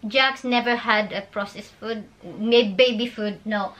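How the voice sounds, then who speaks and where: A woman, telling a personal story in a casual, animated way with laughs and halting phrases. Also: a little high. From Philippines. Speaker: vlogger.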